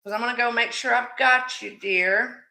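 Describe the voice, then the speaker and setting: A woman's voice: on the high side, steady tone, moderate pace, vocal fry, bright, forceful tone, echoey room. A woman hosting a live jewelry sale stream, chatty and affectionate with her viewers, calling them sweetie. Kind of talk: live-stream selling chat.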